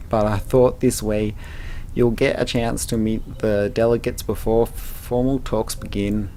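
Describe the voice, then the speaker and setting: A man's voice: mid-range voice, darkish tone, slight background noise, close to an everyday voice. A man doing a Scottish lady officer. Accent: put-on female Scottish accent. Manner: reads game dialogue aloud in a raised, amateur imitation. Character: female Scottish starship officer, polite and earnest.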